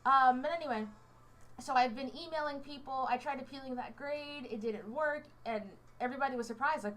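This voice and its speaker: A young American woman in her twenties talks straight to her viewers in a loose, meandering way. Her voice sits a little high, and she keeps stopping to restart her thoughts with fillers. She sounds fidgety as she goes. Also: brisk, a bit bright. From United States. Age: 20s. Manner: rambling storyteller, many fillers and restarts. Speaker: college student vlogger. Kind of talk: casual chat. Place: indoors under a hot light.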